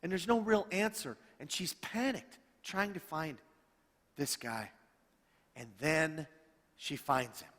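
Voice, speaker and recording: A middle-aged male pastor tells stories from the pulpit, slightly high-voiced and animated, slipping into the voices of the people in his tales. His words ring out with a long reverb off a church sanctuary. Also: slow, pauses often. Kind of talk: storytelling sermon.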